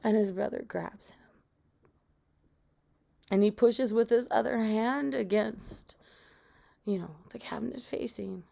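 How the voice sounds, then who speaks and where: A young adult woman telling a spooky story in a casual, chatty way, sinking to a hushed whisper at the scary parts. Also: fairly high pitch, unhurried, creaky, pauses often. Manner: conversational, with fillers, dropping to a whisper at tense moments.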